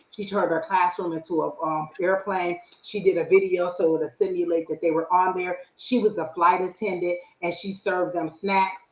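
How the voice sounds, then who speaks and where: A woman hosting a live psychic reading stream and giving casual spiritual advice in an animated way, acting out her own inner voice. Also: fairly low pitch, echoey room, low-quality recording.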